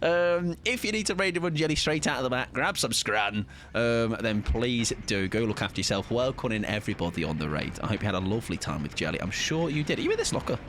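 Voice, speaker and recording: A man's voice: mid-range voice, lively intonation, fast talker, few pauses, noisy background. A man, chatting playfully while live-streaming a game and greeting viewers. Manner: playful, chatty, jokey asides. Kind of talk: casual live-stream commentary.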